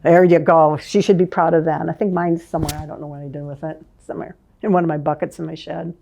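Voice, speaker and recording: An older woman, a former advertising manager, reminiscing in a lively storytelling way and laughing often. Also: low-pitched, fast, creaky. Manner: lively, laughs often, vivid scene-setting.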